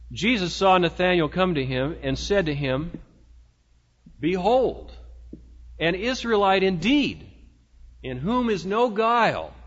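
A man preaching a sermon as pastor, in a folksy, conversational way with rhetorical asides to the congregation. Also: sits high. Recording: dull lo-fi sound in a reverberant hall.

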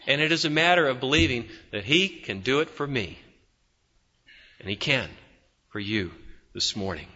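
A man preaching a sermon with fervor, swinging between loud, emphatic peaks and hushed, low passages. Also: lively intonation, moderate pace, long pauses, slightly rough, long reverb tail, highs cut off. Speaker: pastor.

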